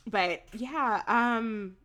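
A woman co-hosting a casual movie review podcast, animated, laughing often and swearing freely. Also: fairly high pitch, drawn-out words. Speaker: podcast co-host.

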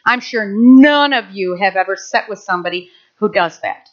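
A middle-aged woman pastor preaching a sermon, animated, with asides and rhetorical questions. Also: mid-range voice, moderate pace. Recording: dull lo-fi recording.

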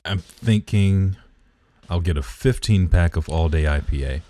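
A man's voice: sits low, unhurried, warm tone, dry recording. A man co-hosting a podcast in casual chat, teasing and nitpicking about beer. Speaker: podcast co-host.

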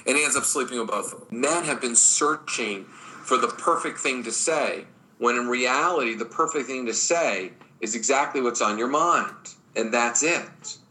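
A man's voice: mid-range voice, normal speed, sharp tone, rough recording. A man speaking as a dating coach in a podcast interview, emphatic and blunt. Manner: emphatic, blunt, acts out quoted voices.

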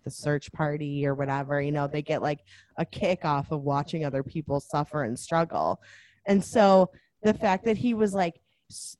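Chatty, rambling woman with a lowish voice. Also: a little mellow, no room sound. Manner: rambling, many fillers and restarts, laughs often. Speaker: podcast co-host. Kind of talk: casual chat about a movie.

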